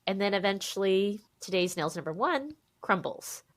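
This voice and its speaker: A woman in her thirties, a podcast guest telling her own story in an animated, emphatic way, acting out what others said to her. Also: medium pitch, moderate pace. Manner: animated, emphatic, quotes people in voices. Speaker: podcast guest, memoir author. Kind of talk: candid conversational storytelling.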